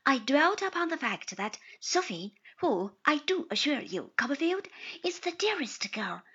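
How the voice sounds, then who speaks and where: A woman's voice: high voice, sing-song, measured pace, fairly bright tone, exaggerated voice. A woman voicing an earnest, chatty young married man who drops into confidential tones, on slightly dull audio. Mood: eager. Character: cheerful young man, newly married lawyer.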